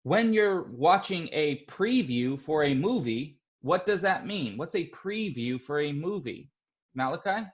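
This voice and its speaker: A male teacher leading an online class, speaking slowly and patiently and encouraging the children. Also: fairly high pitch, expressive. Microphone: computer mic on a video call.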